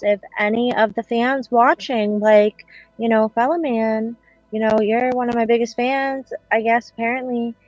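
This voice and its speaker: A woman in casual chat, joking with a deadpan, sarcastic manner. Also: a little high, no room sound. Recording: dry muffled lo-fi with faint music.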